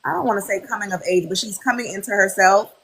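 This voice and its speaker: A woman's voice: medium pitch, fast, vocal fry, a little hiss or hum, low-quality recording. A woman in her thirties chatting as a podcast guest, telling stories and acting out quoted voices. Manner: animated storyteller, quoting others in lively voices. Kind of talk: casual podcast chat.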